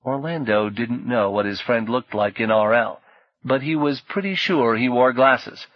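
A man's voice: medium pitch, measured pace, no echo. Man narrating an audiobook, dull dry sound.

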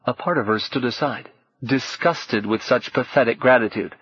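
Man narrating an audiobook, husky, soft and measured, dry muffled sound. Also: medium pitch, no room sound. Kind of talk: scripted narration.

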